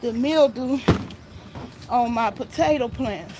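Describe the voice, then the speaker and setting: A woman's voice: a little high, slow, background noise. A woman, filming herself outdoors in her garden on a phone and chatting casually to her viewers while she sprays her plants, a little out of breath. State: slightly out of breath. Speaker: gardening vlogger.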